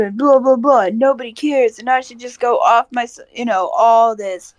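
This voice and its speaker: A woman's voice: fairly high pitch, moderate pace, hardly any pauses, no room sound. A woman co-hosting a casual podcast, bluntly retelling a story with quoted dialogue and swearing. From American Midwest. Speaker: podcast co-host.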